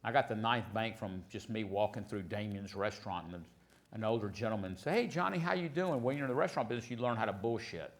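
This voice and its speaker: A man's voice: on the low side, fast talker. An older man from Houston, rambling through profane, self-mocking stories as a guest on stage. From Houston, Texas. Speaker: restaurateur guest. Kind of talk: casual storytelling on stage.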